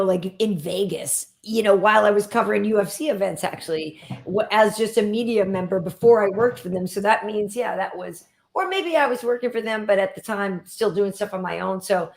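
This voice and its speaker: A woman's voice: mid-range voice, gravelly. A woman hosting a casual chat show, laid-back, reading out viewer comments. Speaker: host. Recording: echoey room.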